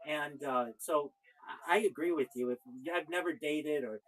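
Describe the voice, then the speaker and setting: A man's voice: fairly high pitch, normal speed, a bit bright, poor audio. A man, a rabbi, talking casually and at length in a conversation, often cutting in to disagree. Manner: talkative, cuts in with repeated "wait". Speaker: rabbi, show host.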